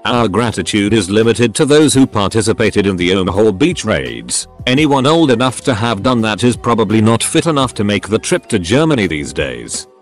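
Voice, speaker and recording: Lively low-voiced male narrator. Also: normal speed, hardly any pauses, faint music behind. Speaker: narrator reading online posts. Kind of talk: scripted narration of forum posts.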